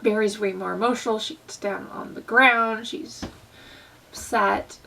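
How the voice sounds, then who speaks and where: A woman's voice: mid-range voice, steady tone, unhurried, vocal fry, pushed and bright, recorded from a distance, slight background noise, low-quality recording. A young woman talking in a casual, earnest vlog style about faith, with plenty of fillers. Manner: earnest, conversational, many fillers. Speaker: Christian vlogger. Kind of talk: casual devotional vlog talk.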